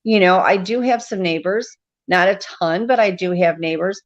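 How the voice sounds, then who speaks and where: A woman's voice: lowish voice, moderate pace. A woman guest chatting casually and laughing easily on a radio show, calling in by video. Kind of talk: casual chat over a video call. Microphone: video call. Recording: dull video call audio.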